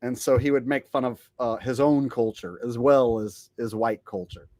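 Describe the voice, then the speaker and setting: A man's voice: medium pitch, fairly even intonation, moderate pace, darkish tone, no echo. A man hosting a casual commentary monologue, sardonic and conversational. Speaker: commentary channel host.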